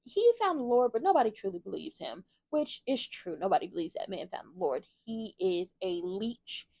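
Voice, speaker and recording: A woman with a mid-pitched voice runs through a soap episode in a sassy, animated commentary, talking straight to her viewers. Her voice is recorded close and dry, with no room sound around it. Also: moderate pace, no room sound. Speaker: soap opera recap host. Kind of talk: casual commentary recap.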